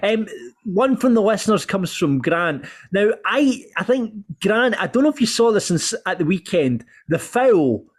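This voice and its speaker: A man co-hosting a football podcast in casual chat, enthusiastic and quick to laugh. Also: sits high, big pitch swings. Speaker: podcast co-host.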